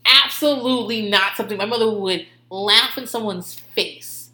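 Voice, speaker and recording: A woman's voice: mid-range voice, normal speed, reverberant. A woman hosting a podcast, telling stories in casual, profane chat and laughing often. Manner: profane, laughing, animated storytelling. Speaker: podcast host.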